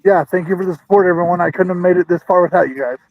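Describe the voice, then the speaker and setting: A man's voice: high-pitched, racing, narrow, tinny audio. A man in casual video-call chat, a toy collector and store owner, out of breath and hesitant with many ums.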